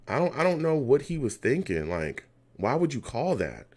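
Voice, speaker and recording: This man's gravelly, mid-range voice moves at a moderate pace as he runs a live football fan reaction stream. He reads out chat comments and goes on animated, heated rants at the team over play calls.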